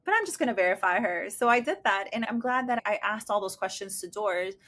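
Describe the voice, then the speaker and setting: A woman's voice: medium pitch, animated, fairly quick, a bit bright. A middle-aged woman hosting a personal podcast as a mother, talking casually, emotionally and with enthusiasm. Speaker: podcast host, parent of a disabled daughter.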